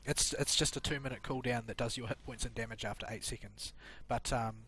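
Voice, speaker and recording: A man's voice: mid-range voice, steady tone, fairly quick, bright, forceful tone, breathy edge. A man in a casual gaming voice chat, grumbling with dry sarcasm into a headset mic. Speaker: gamer on voice chat.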